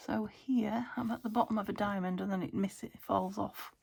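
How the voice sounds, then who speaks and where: Her medium-pitched British voice is steady, darkish and breathy, with vocal fry, a moderate pace and hardly any pauses. While showing junk journal making, she talks to herself, thinking aloud, chuckling and murmuring half-whispered remarks throughout the chatty tutorial.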